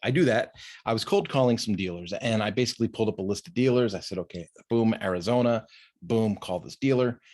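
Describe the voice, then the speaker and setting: This business podcast host has a lowish, darkish voice and talks fairly quickly. Over a video call, he chats casually and tells a story, restarting his sentences often.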